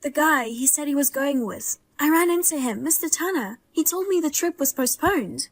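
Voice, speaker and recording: A woman voicing a high-voiced, fierce pregnant young wife. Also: lively intonation, moderate pace. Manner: wry, indignant, grimly humorous. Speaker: pregnant daughter-in-law. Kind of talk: dramatized story voice-over.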